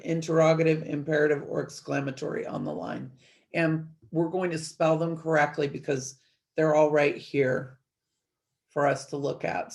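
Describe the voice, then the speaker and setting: Woman teaching a step-by-step grammar lesson. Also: deep voice. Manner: clear step-by-step explaining to students. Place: at a desk, screen-sharing a worksheet.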